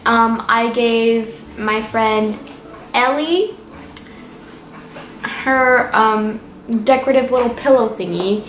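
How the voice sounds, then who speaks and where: A woman's voice: a little high, slow, long pauses, a bit bright. A teenage girl giving a casual weekly vlog update, chatty and rambling with lots of fillers. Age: teens. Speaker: vlogger. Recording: echoey room with faint noise.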